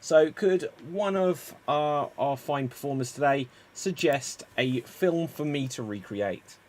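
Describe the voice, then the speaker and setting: A man hosts a live improv stream and explains the games briskly. He keeps the tone upbeat. His voice sits a little high. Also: darkish tone. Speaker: improv show host.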